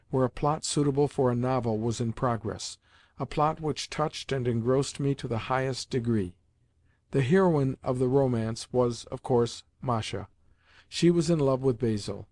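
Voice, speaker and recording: Male audiobook narrator, mid-range voice, measured delivery, dry close sound. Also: mid-range voice, darkish tone, dry recording. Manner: measured, phrase-by-phrase reading. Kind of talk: scripted narration.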